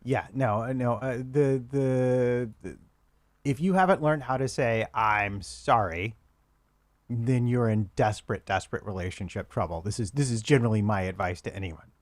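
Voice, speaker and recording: A man co-hosting a casual podcast, wry and measured with slightly formal wording. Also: medium pitch, no room sound. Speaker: podcast co-host.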